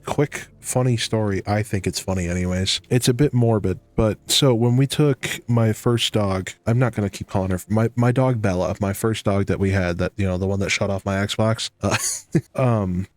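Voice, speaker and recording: A young man with a low voice chats through his gameplay, wandering from one story to the next. He talks in a loose, self-mocking way and often breaks into laughter. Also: moderate pace, a little mellow, dry recording. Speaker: gaming YouTuber. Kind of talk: casual commentary while playing.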